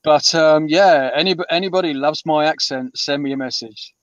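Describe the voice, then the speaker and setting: The speaker is a British author in his fifties chatting casually in an interview, his voice on the high side and his pace moderate. He rambles, filling his talk with ums and restarts, on a dry, muffled and distant recording.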